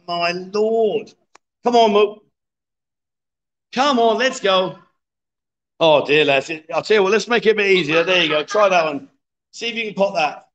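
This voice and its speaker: A middle-aged man runs a live stream from a bar, coaxing the players and teasing them in a chatty, joking way. His voice sits fairly high for a man. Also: fairly bright tone, lo-fi sound, a little hiss or hum. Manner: jokey, coaxing, chatty with viewers. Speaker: livestream host. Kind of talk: live-streamed pool game commentary. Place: bar with a pool table.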